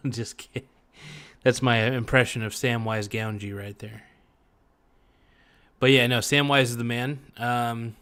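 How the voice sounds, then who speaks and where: A man's voice: medium pitch, steady tone, clean tone. Joking man hosting a rambling livestream. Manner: joking, rambling, with drawn-out words and sudden loud bursts. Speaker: livestream host. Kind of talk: casual livestream commentary.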